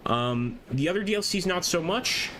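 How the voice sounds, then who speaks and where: Male streamer from the US, bright tone, chatty live game commentary, faint noise behind. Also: high voice, normal speed. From American. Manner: excited, chatty, laughs often, reads chat aloud. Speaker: gameplay streamer.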